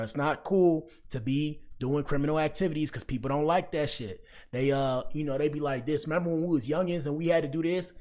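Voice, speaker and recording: A man talking casually to his chat as a livestream commentary host, rambling and slangy. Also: fairly high pitch. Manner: rambling, slangy, addresses chat often with "bro".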